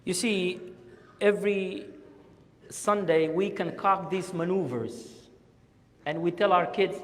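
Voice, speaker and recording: Impassioned man preaching in an echoing hall. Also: high voice. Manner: impassioned preaching, swings between loud urging and hushed pauses. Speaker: guest speaker at a mosque. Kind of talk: Friday sermon. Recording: long hall reverb.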